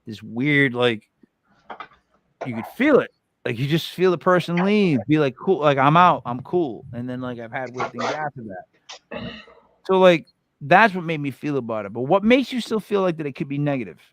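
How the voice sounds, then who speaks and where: A man's voice: fairly high pitch, sing-song, moderate pace, poor audio. An American man hosting a podcast, chatting casually in a blunt, joking way and swearing freely. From United States. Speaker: podcast host.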